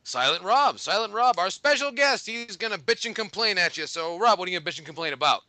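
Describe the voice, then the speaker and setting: Bright, high-voiced joking male host. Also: quick pace, dry recording. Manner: joking, animated, sarcastic. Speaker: podcast host. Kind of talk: casual podcast hosting.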